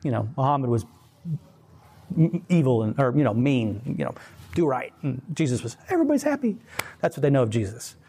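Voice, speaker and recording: A man's voice: mid-range voice, brisk, slightly rough. A man hosting a casual chat, telling stories in an emphatic, rambling way. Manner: emphatic, rambling, animated storyteller.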